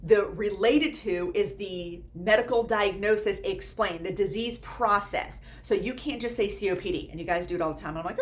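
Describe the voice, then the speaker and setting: A woman's voice: on the low side, a little fast, few pauses, slight background noise. A woman in her thirties teaching nursing students in a casual, blunt way. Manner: blunt, lively, quotes students in put-on voices. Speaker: nursing instructor.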